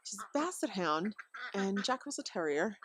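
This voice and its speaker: Very animated and a bit bright, this medium-pitched female voice comes at a normal speed over slight background noise. A homeschooling parent vlogger, she rambles casually about parenting outdoors by her deck and chickens, with many fillers and frequent chuckles.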